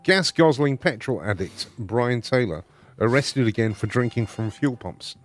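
A man's voice: mid-range voice, lively intonation, unhurried, soft background music. A man hosting a casual show, amused as he reads out odd news stories. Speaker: host reading news stories. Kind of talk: casual radio banter.

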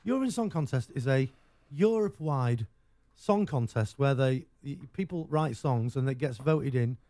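A man's voice: mid-range voice, animated, normal speed, warm tone, no room sound. An English man hosting a radio show, chatting casually with rambling, jokey banter.

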